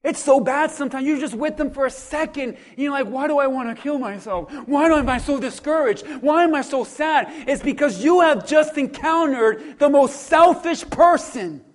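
At a moderate pace with hardly any pauses, a very high-pitched male pastor preaches a sermon. He goes from soft asides to loud, animated calls and acts out what people say.

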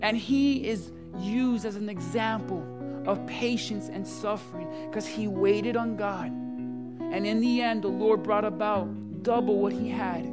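A pastor preaching a sermon at a church service, swinging from hushed, tender passages to loud, passionate appeals and calling out to the congregation. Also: mid-range voice, unhurried. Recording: live sermon with guitar playing underneath. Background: soft guitar music.

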